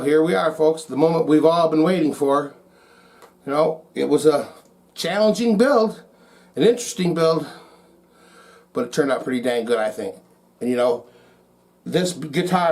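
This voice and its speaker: A man's voice: a little high, darkish tone. A man narrating casually in his guitar repair workshop, folksy and easygoing, talking to himself and the viewers as he works. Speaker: guitar repair shop owner.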